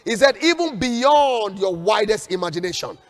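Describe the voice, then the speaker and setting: A man with a high voice and big swings in pitch preaches fervently at a moderate pace, acting as a prophet on an online prayer broadcast and urging viewers to repeat declarations after him. The recording has long hall reverb and faint background music.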